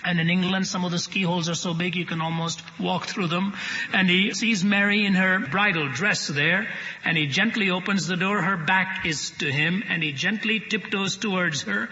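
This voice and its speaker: A male preacher tells a story to a live audience with dramatic timing and dry humor. His voice is bright, forceful and slightly high. It rings with long hall reverb on a dull, muffled broadcast. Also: moderate pace. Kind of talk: sermon storytelling.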